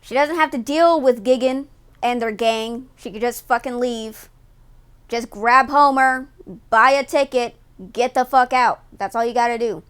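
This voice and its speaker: A young woman streaming live, reacting to a video with loud, profane, joking commentary. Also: a little high, measured pace, smooth. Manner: loud, profane, mocking jokes and frequent laughs.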